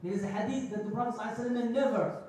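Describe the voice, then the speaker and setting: A man's voice: very high-pitched, fairly even intonation, rapid-fire, a little mellow. A man giving a Friday sermon in a mosque, telling stories with acted quotes and phrases. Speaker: khutba speaker. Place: mosque prayer hall. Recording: echoey hall, distant mic.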